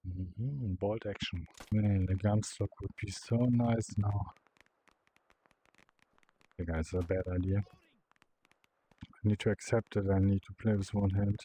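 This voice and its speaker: A young man giving live commentary while playing a game, excitable and swearing as he yells at the bots. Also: lowish voice, unhurried, long pauses, slight background noise, low-quality recording. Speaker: VR gameplay creator.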